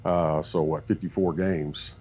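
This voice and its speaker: Deep husky guy, football coach spinning stories on a podcast. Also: unhurried. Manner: animated storyteller, acts out quoted talk. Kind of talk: storytelling in podcast chat.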